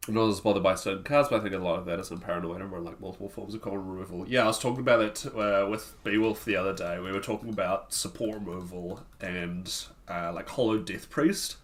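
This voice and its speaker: A man's voice: sits low, steady tone, fast, hardly any pauses. A man streaming a card game, commenting casually and thinking aloud while answering questions from chat.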